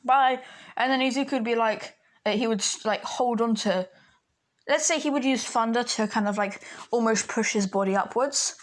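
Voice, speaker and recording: A woman's voice: a little high, moderate pace. Rambling woman telling a fan story. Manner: rambling, many fillers and restarts. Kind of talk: casual fan fiction storytelling.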